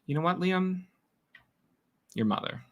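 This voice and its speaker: A man's voice: high-pitched, animated. A man from New York hosting a casual livestream, reading viewer comments and teasing the chat. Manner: chatty, teasing, quick reactions to chat. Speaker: livestream host.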